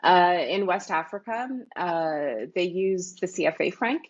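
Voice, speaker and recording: A woman from Canada, a guest in an interview, who talks in a thoughtful, animated way with many fillers. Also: fairly low pitch, a little slow, highs cut off. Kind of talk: casual interview talk.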